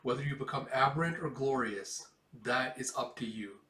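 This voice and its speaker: A man's voice: mid-range voice, normal speed, bright, forceful tone, recorded from a distance, natural voice. A man voicing a solemn, stately older father who speaks in formal phrases, recorded with a roomy echo. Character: solemn old father, lofty and patient.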